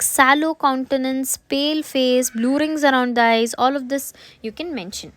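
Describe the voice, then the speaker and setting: High-voiced woman giving a lecture. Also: no room sound. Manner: repeats points, asks and answers own questions. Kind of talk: medical lecture.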